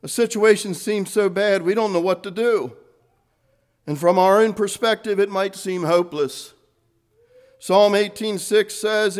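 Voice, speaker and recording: A man preaching a sermon, earnest, rising to fervent emphasis and then dropping soft. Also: high-pitched, a little slow.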